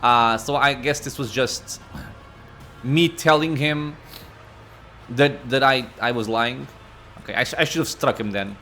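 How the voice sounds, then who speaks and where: A man's voice: medium pitch, unhurried, long pauses, pushed and bright, soft background music. A man casually playing a video game, reading its text aloud and musing with hesitant restarts. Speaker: gamer. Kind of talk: let's-play commentary, reading game text.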